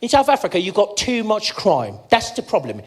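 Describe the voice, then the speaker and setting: A man's voice: high-pitched, wildly swooping pitch, normal speed, exaggerated voice. A man voicing a pushy British man who lectures insistently, with a British accent. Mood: smug. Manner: smug, insistent, repeats himself.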